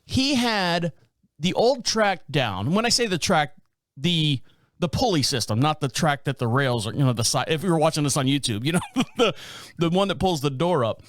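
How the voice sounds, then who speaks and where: A man in his fifties hosts a casual podcast, telling stories in a high voice that swings up and down. He laughs and curses along the way. The sound is close and dry. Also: moderate pace, dry recording. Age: 50s. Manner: animated, swears, laughs often. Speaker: podcast host. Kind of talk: casual storytelling chat.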